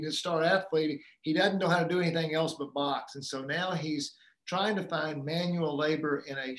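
Casting note: man, fairly high voice, halting storyteller with lots of ums, recorded in an echoey room. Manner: storytelling, retells a film scene with acted quotes; halting, many fillers and restarts. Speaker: guest speaker on fathering. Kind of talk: casual talk on a live community call.

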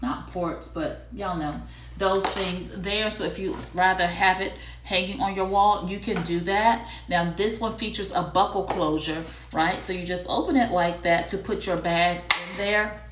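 A woman hosts a live shopping stream in a casual, chatty way, calling viewers "y'all" and repeating lines for emphasis. Her voice sits a little low and has a hint of a frog in her throat. The room gives it a noticeable echo. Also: steady tone, measured pace, background noise. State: coughing and clearing throat. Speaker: livestream shopping host. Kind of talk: casual live-selling chat.

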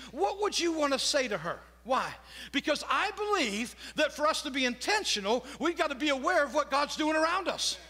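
A pastor preaches a sermon in a church sanctuary, where a long reverb trails his words. His voice is very high and sharp as he tells a story, laughs at his own jokes, and puts questions to the congregation.

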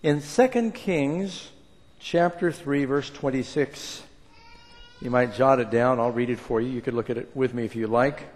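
A man preaching a sermon and reading scripture aloud, with an emphatic delivery that swings between hushed and loud. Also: mid-range voice, normal speed. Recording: long reverb of a large hall.

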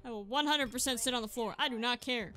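A woman hosting a gaming channel, giving casual, excitable commentary over gameplay and mocking her opponents. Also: on the high side, quick pace, slight background noise. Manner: excitable, trash-talking opponents.

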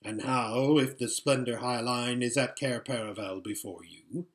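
A man voicing a shrewd old male emperor who speaks in a dry, measured, sardonic way. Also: medium pitch, lightly acted.

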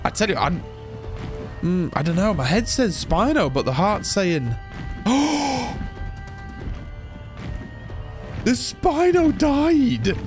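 A young man chatting excitedly as he commentates his own game playthrough. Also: on the high side, normal speed. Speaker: gaming YouTuber. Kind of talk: let's play commentary. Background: game music.

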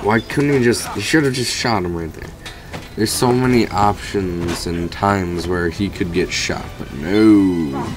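A man's voice: low voice, unhurried, music in the background. A man giving rambling let's play commentary over a video game, swearing casually at it. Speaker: gamer commentator.

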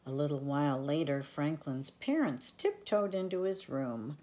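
An older woman reads a children's picture book aloud with gentle affection. Her voice is low and she reads unhurriedly. She sounds like a grandmother talking to small listeners. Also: animated, measured pace. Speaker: storyteller for children. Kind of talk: reading a children's storybook aloud.

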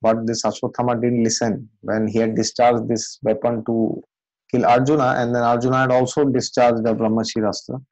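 Speaking fairly quickly in a level, darkish mid-range voice with no room sound, a spiritual teacher narrates scripture like a story. His style is chatty, packed with fillers and "okay?" tags, and the lo-fi recording sounds dull.

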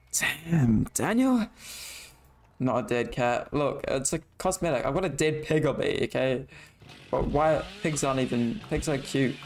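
A young man streaming a horror game, chatting loosely and swearing as he plays. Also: mid-range voice. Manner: loose, profane banter with chat and opponent. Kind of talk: casual gaming chat.

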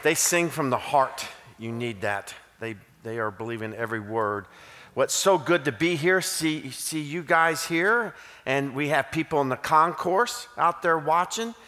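Southern guy preaching, cracks jokes, kinda bright voice, big echoey church hall. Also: fairly high pitch, animated, unhurried. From Kentucky. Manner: joking, self-deprecating storyteller. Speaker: guest preacher. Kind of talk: sermon with folksy humor. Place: church auditorium. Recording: long hall reverb.

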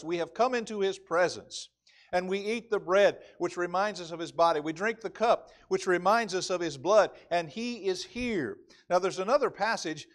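Guy preaching sunday sermon, pretty high voice, leans hard on the scripture words. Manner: emphatic, reads scripture aloud with stress. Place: church sanctuary.

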